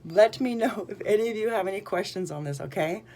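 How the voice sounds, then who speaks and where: A woman's voice: medium pitch, brisk, warm tone. A woman energy healer talking casually to her viewers in a bubbly, rambling way with lots of fillers. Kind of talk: casual talk to camera.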